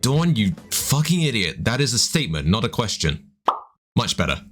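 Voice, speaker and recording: A young Southern English man answers viewer questions in a dry, sarcastic, crude tone. His voice sits a little low. Soft background music plays under the studio-mic voice-over. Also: sing-song, normal speed. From southern England. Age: young adult. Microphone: desktop condenser mic with effects.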